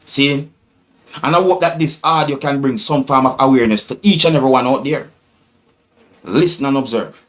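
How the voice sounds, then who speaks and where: A man's voice: mid-range voice, moderate pace, long pauses, fairly bright tone. A man with a Jamaican accent giving casual vlog commentary, musing and rambling, with frequent "you see me" tags. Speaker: vlogger commenting on news clips.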